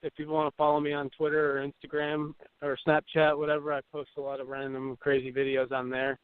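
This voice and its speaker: A man appearing as a guest on a talk show, speaking in a relaxed, easygoing way. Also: a little high, fast talker, smooth, no room sound. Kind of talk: casual interview. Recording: dry narrow phone line.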